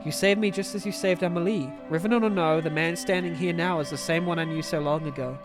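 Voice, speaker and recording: A man's voice: fairly high pitch, steady tone, fast, close to an everyday voice. A man reading the lines of an emotional young woman leader in a pleading, earnest way, over game music.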